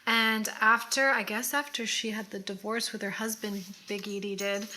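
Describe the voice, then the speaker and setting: This is a woman in a relaxed makeup chat, talking with an easygoing, rambling flow. Her voice is bright and clear, and a faint background hiss sits under it. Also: fairly high pitch. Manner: chatty, easygoing, trailing off mid-thought. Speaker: co-host. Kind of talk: casual chat while doing makeup.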